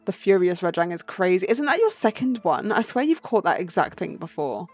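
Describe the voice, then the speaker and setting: A woman's voice: on the low side, very animated, fairly quick, faint music behind. A woman streamer chatting casually and teasing her chat during a game playthrough.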